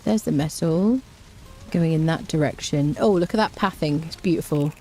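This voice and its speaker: A female streamer with a low, darkish voice plays a video game at a moderate pace, faint music behind her. Her let's-play talk is casual and chatty, and she playfully hums small tunes along the way.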